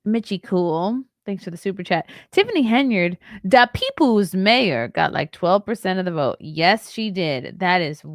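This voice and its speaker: A woman's voice: medium pitch, very animated, measured pace, hardly any pauses, no room sound, clean studio sound. A woman in her thirties hosting a casual livestream, reading news aloud and answering chat messages with wry, chatty asides and a tired air. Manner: chatty and wry, laughs and ad-libs between reading. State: tired, yawning. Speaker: livestream host.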